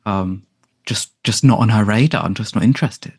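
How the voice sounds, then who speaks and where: Blunt man with a lowish voice. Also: moderate pace, breathy edge. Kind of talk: casual book discussion.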